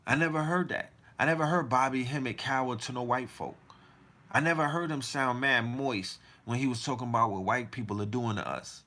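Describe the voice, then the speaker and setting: A man's voice: mid-range voice, brisk, bright, forceful tone. A man hosting a podcast, delivering a heated, profane monologue full of rhetorical questions. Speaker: podcast host.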